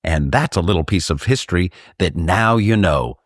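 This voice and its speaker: A man from Texas co-hosting a podcast, telling rambling, animated stories in casual chat. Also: sits low, moderate pace, no echo, studio quality. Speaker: podcast co-host.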